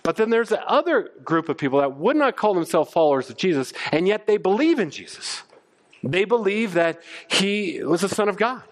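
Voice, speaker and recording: Middle-aged pastor preaching; animated, stumbles into restarts, voice sits a bit high. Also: male voice, moderate pace. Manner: animated, stammers on restarts, acts out quoted voices. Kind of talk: sermon.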